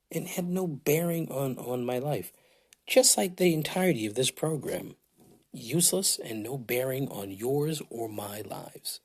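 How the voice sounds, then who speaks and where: A man's voice: medium pitch, lively intonation, unhurried, husky. A man hosting a casual solo podcast, rambling and swearing with self-mocking humor, his throat dry, recorded on a phone in a large hotel room. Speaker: podcast host.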